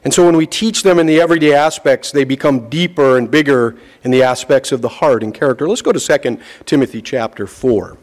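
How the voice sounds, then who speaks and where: A middle-aged man giving a sermon, telling a folksy personal story with slow, emphatic phrasing. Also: medium pitch, a little mellow. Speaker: preacher.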